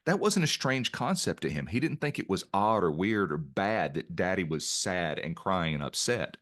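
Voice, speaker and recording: A man's voice: deep voice, very animated, moderate pace, fairly bright tone. A middle-aged man as a podcast guest, telling a personal story in an earnest way and often restarting his phrases. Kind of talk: reflective interview storytelling.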